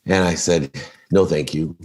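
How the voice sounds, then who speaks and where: A man's voice: sits low, a little slow. A middle-aged man telling a story in a casual podcast interview, acting out the lines of the people in it. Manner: animated storyteller, acts out quoted dialogue. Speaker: podcast guest.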